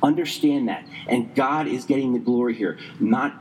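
A man's voice: medium pitch, darkish tone. Man, pastor preaching, strained losing voice, long hall reverb, faint background noise. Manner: conversational preaching with asides, quick bursts and slow emphatic stretches. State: losing his voice. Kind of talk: sermon.

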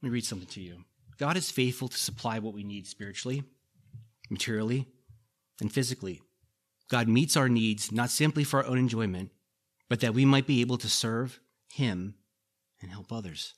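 A middle-aged pastor preaches a sermon conversationally in a mid-range voice at a moderate pace. He repeats key lines and makes folksy asides to the congregation.

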